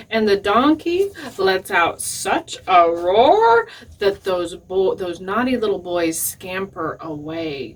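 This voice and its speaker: A woman librarian reads a folk tale aloud at children's storytime, taking her time. Her voice swoops up and down with playful expression, and she stops for little asides to the kids. The sound is slightly husky and comes from a distance, off the mic. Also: on the high side. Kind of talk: storytime reading.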